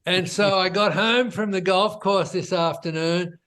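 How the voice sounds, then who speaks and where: In an easygoing, conversational interview, a man who founded a business recounts his journey, peppering it with "you know" and "right?" His voice sits high and he takes his time.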